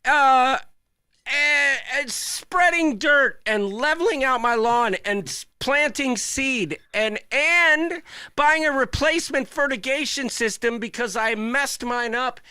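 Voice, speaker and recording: A high-pitched man with a bright, smooth, clear voice rants with mock outrage while co-hosting a casual live chat. The sound is dry and close, with little room around it. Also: takes it slowly, no echo. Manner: animated, ranting, mock-outraged. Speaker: co-host.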